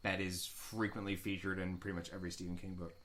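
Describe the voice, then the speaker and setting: Bright-voiced, opinionated male co-host. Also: low voice, flat delivery, fast. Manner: earnest, opinionated musing. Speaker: podcast co-host. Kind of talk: casual chat.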